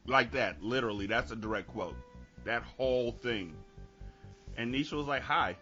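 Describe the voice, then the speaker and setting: A man hosting a podcast, telling a story in casual chat, animated and swearing, laughing between lines. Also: mid-range voice, muffled recording. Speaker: podcast host.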